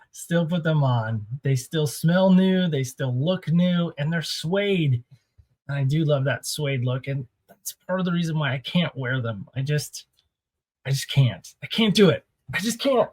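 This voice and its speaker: Man, vlog host, slightly high voice, playful, teasing countdown, casual chat. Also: expressive, unhurried. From Oregon. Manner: playful, builds suspense before each reveal. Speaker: host of a sneaker countdown show. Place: small home studio.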